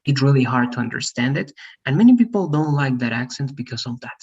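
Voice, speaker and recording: A man's voice: medium pitch, animated, a little fast, darkish tone, breathy edge, muffled recording. A man teaching an English lesson over a video call, patient, often checking in with "right?". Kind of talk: one-on-one online English lesson.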